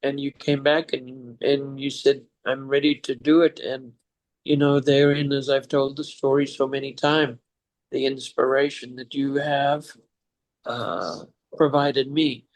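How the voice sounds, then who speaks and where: A man's voice: medium pitch, fairly even intonation, a little slow. An older man telling a heartfelt story to his son, reflective and at times choked up. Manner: reflective, chokes up and laughs through tears. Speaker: father sharing life lessons.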